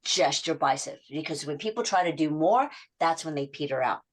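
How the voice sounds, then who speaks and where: In a podcast interview, a middle-aged woman working as a habit coach shares client anecdotes and performs their words with lively vocal shifts. Her voice is low and her pace moderate.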